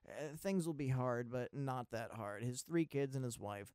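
A man's voice: medium pitch, unhurried, darkish tone, clean tone, no room sound, clean studio sound. A man from Maryland hosting a casual movie podcast, rambling, sarcastic and profane. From Maryland, USA. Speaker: podcast host.

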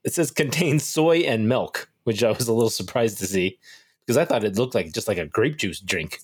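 Low-voiced man tasting a drink on a podcast. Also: animated, brisk, slightly rough. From United States. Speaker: podcast co-host. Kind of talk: casual chat, product tasting.

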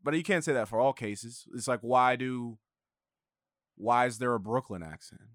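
A young man, a podcast guest, chatting in a relaxed way, trailing off softly and laughing at himself. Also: mid-range voice, moderate pace, no echo, studio quality. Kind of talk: casual chat.

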